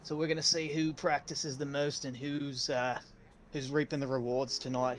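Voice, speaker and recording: A man's voice: medium pitch, level tone, moderate pace, a little hiss or hum. Playful man commentating a sim race. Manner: playful, hamming up jokes. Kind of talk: casual stream commentary.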